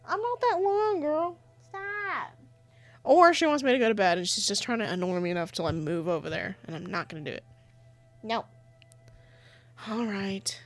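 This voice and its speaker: A woman's voice: on the low side, animated, brisk, pauses often, faint music behind. Chatty woman reading a game aloud. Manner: chatty and giggly, asides to her cat. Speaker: streamer playing a visual novel. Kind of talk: reading game narration with live commentary.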